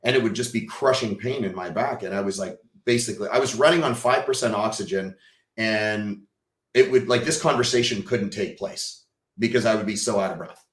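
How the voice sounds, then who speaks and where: Lower-voiced man telling a gripping story. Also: fairly quick, roomy sound. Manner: vivid storyteller who acts out quoted dialogue; swings from hushed to loud and excited. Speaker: podcast guest. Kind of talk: emotional personal storytelling.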